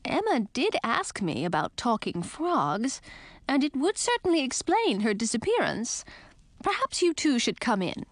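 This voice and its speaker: A woman reading a storybook, voicing a composed middle-aged witch aunt who speaks in a measured, thoughtful way. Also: high-pitched, sing-song, no room sound, voice pushed up, full character voice.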